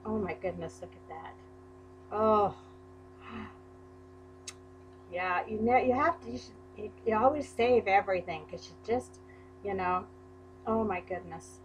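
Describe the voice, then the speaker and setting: A woman's voice: medium pitch, a little slow, pauses often, a little hiss or hum, poor audio. A woman unboxing a crafting package in a vlog, gushing and exclaiming over each item. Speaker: crafting YouTuber. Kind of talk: unboxing a mail package on camera.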